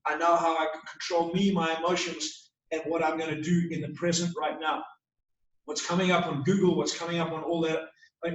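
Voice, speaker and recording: A man gives a motivational talk from some way off the mic, his voice ringing around a very echoey room. He speaks a little higher than most men and drives his points home with emphatic, repeated rhetorical questions over a faint hiss. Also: distant mic.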